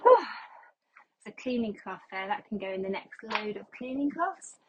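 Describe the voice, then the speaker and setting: A woman's voice: mid-range voice, lively intonation, moderate pace, lo-fi sound. A middle-aged woman chatting casually as she cleans her floors at home, a little under the weather. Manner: chatty, talking along while doing housework. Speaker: cleaning vlogger. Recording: noisy home recording with household clatter.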